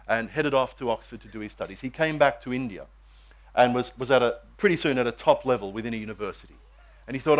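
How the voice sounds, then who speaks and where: A man's voice: mid-range voice, a bit bright. A man preaching a sermon, telling a story and acting out the voices of its characters.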